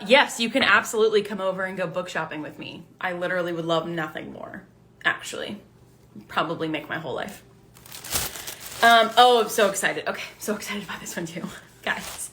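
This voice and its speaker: A young woman chatting casually as a book vlogger, excitable and swearing freely as she reads book blurbs aloud. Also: fairly high pitch. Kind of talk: casual book haul chat to live viewers.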